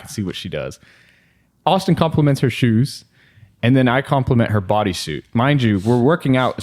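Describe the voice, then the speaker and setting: A young man co-hosting a podcast, telling a story in casual, profane, animated chat and acting out what people said. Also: lowish voice. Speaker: podcast co-host.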